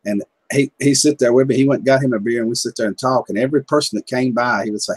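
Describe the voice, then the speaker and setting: A husky-voiced man from Kentucky with a drawl, chatting on a livestream in a folksy, storytelling way. The sound is dry and close, with no room around it. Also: medium pitch, fast talker, no echo, poor audio. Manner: folksy storyteller, chuckling often. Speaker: livestream host. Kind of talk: casual chat.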